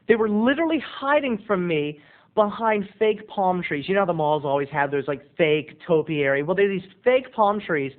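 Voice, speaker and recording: A man telling a funny personal story in an animated, self-mocking way with quick asides, heard through a tinny phone-like sound. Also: sits high. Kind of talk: comic storytelling.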